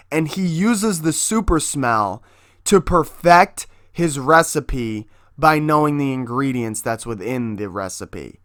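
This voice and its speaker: A man's voice: fairly high pitch, fairly bright tone, no echo, studio quality. A man casually promoting his own comic book, hyped and swearing constantly as he talks.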